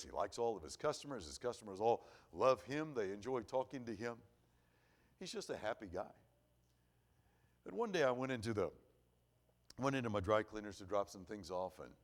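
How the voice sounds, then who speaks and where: A middle-aged man preaching at an evening church service, telling a personal story in a folksy, earnest way. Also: fairly low pitch. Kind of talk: sermon. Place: church auditorium.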